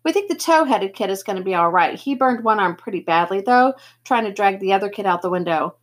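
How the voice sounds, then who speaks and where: A woman's voice: mid-range voice, animated, a little fast, close to an everyday voice. A woman voicing a kindly grown man who reassures an injured boy, read aloud from a novel with a few slips. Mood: reassuring. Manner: gentle, reassuring, occasional slips.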